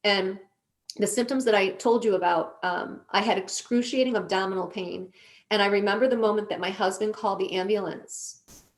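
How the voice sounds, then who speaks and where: A woman on a podcast as a guest, telling her own story in an earnest, slow, deliberate way. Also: mid-range voice, steady tone. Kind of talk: emotional personal storytelling.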